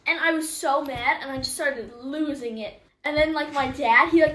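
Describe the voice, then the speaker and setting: A woman's voice: high voice, fast, hardly any pauses, fairly bright tone. A young woman chatting casually, filling every sentence with "like" as she tells stories. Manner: chatty, heavy use of "like". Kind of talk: casual chat. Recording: echoey room with faint noise.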